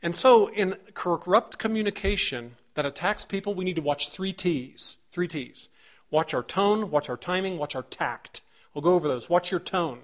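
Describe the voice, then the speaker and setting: A man's voice: sits high, moderate pace. Earnest man preaching with rising emphasis. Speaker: pastor. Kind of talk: sermon.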